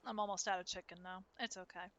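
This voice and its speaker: A woman's voice: medium pitch, level tone, fast, fairly bright tone, slight background noise. A young adult woman streaming a game with friends, casual and chatty, poking fun at herself. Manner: chatty and self-deprecating. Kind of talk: casual gameplay chat.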